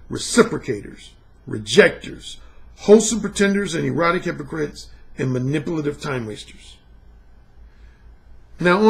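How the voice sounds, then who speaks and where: A middle-aged man holds forth on his own podcast in a casual, blunt monologue. His voice sits high and gravelly, and his pitch swings all over as he hammers his points home with profanity. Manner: emphatic, blunt, profane, animated. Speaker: podcast host and dating coach.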